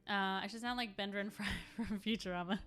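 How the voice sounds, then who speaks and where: Bright-voiced woman streaming. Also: medium pitch, steady tone, normal speed, soft background music. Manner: chatty and rambling, answering chat while she works. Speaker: live streamer painting miniatures. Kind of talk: casual live-stream chat.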